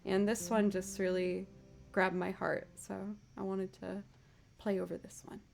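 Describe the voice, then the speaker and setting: A woman's voice: medium pitch, little pitch movement, measured pace, vocal fry, darkish tone, a little hiss or hum. A woman from Massachusetts hosting a live music stream, chatting casually between songs and telling a story with a laugh. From United States, Massachusetts.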